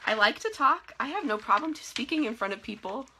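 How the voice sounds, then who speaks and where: A woman's voice: fairly high pitch, slight background noise. A young woman giving a casual, encouraging live motivational talk to her team over a webcam. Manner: energetic, encouraging, chatty with frequent laughs. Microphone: phone or webcam in a live video.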